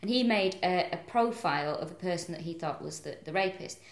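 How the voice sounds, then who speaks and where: A woman's voice: fairly low pitch, a little fast. A young woman co-hosting a comedy podcast, joking around and recounting case details. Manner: animated, jokey, recounts case facts. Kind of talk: casual comedic chat. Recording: roomy echoey podcast room.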